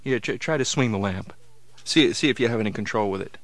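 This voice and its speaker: A man's voice: on the low side, brisk, fairly bright tone, dry recording. A man hosting a comedy sketch, playful and mock-helpful as he teases his partner.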